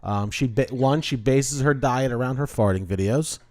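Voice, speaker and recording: A man's voice: mid-range voice, moderate pace, no room sound. A man hosting a podcast, telling joking stories in casual chat. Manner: joking, animated storyteller. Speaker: podcast host.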